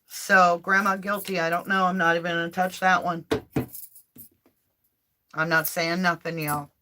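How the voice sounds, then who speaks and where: Lower-voiced woman hosting a chatty tarot live stream. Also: little pitch movement, measured pace, background noise. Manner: chatty and informal, often addressing viewers directly. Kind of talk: casual live tarot reading with spoken prayers. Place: home office upstairs.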